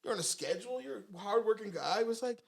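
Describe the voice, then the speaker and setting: A man's voice: high-pitched, lively intonation, quick pace, gravelly, a loud crowd. A man co-hosting a comedy podcast, talking in a rambling, profane, storytelling way. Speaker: podcast co-host. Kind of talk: casual comedic chat.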